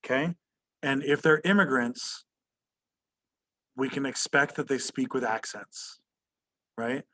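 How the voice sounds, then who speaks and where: Teaching history to a class on a video call, this man speaks slowly in a mid-range voice that sounds pushed and bright. He questions his students throughout and constantly checks in with "right?"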